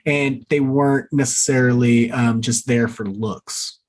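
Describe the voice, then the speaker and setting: A man's voice: medium pitch, measured pace. A man co-hosting a movie podcast, recapping plot scenes and acting out the characters' lines. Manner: animated storyteller acting out quoted lines. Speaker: podcast co-host.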